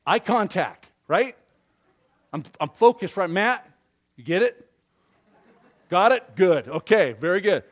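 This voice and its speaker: A man preaching a sermon, animated and interactive, quizzing the congregation and acting out little scenes. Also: sits high, slow, long pauses. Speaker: pastor.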